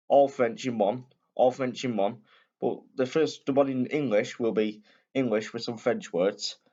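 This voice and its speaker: Hosting a video, a man casually reads a picture book aloud, chatting in asides and often correcting himself. His mid-range voice is a little mellow, and the highs in the recording are cut off.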